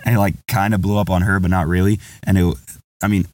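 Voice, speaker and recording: Deep-voiced man telling a story off-mic. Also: little pitch movement, a little fast, darkish tone, no room sound, distant mic. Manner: rambling, candid, says "bro" a lot. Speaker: podcast host. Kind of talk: casual podcast storytelling.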